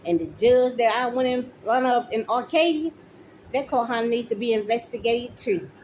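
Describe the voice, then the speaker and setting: A woman's voice: a little high, moderate pace, a little mellow, muffled recording, a little hiss or hum. A middle-aged woman, a mother, ranting straight to the camera, accusing officials directly and repeating her points. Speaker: mother speaking out. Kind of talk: angry direct-to-camera rant.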